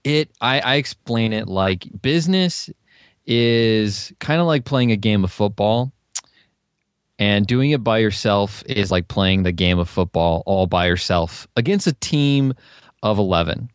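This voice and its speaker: A man's voice: fairly low pitch, animated, measured pace, clear, resonant tone, no echo. A man as a podcast guest in casual interview chat, enthusiastic and explaining with sports analogies.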